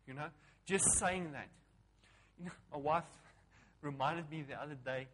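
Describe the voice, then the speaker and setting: Brief: male pastor, slightly high voice, emphatic call-and-response sermon delivery. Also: animated, unhurried, long pauses. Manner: emphatic preaching, swinging between loud calls and hushed lines; repetitive, call-and-response phrasing.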